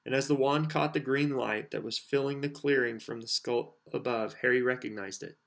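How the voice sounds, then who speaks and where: A man narrates an audiobook chapter in a steady, expressive voice at a middling pitch. His reading is even and clear. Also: normal speed. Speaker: audiobook reader.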